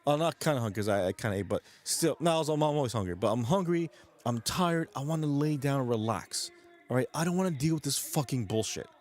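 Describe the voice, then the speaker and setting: A young man from New York vents straight to the camera in a profane, agitated rant. He circles back and repeats himself. His voice sits in an ordinary middle pitch. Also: expressive, fast talker, darkish tone. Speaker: vlogger. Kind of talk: ranting vlog monologue.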